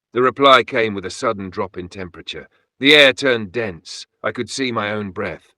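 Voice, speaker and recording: A man telling a horror story in first person as scripted narration, measured and hushed. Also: fairly low pitch, no room sound, clean studio sound.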